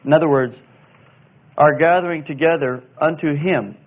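Man teaching scripture over a tinny line. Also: a little high. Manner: deliberate, spells out Greek words, many fillers. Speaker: Bible teacher. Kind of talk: verse-by-verse Bible teaching. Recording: tinny phone-like sound.

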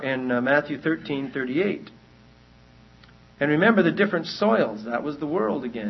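A man with a fairly high voice, vocal fry, and a breathy edge teaches a Bible study lecture. He speaks earnestly, repeats his key points, and often restarts as he works through his reasoning, captured in a dull lo-fi recording.

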